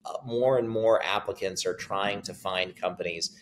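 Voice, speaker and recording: Low-voiced man, animated storyteller. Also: moderate pace, a little hiss or hum, poor audio. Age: middle-aged. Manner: animated storyteller, acts out quotes. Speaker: startup CEO guest. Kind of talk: conversational interview answers.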